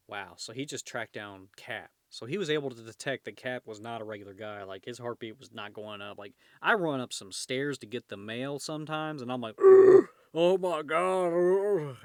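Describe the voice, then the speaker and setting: A man's voice: medium pitch, a bit bright, clean tone, no echo, clean studio sound. Chatty man reading comics at home. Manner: chatty, rambling asides with fillers. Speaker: comic read-along host. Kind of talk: casual comic read-along commentary. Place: home room with his cat.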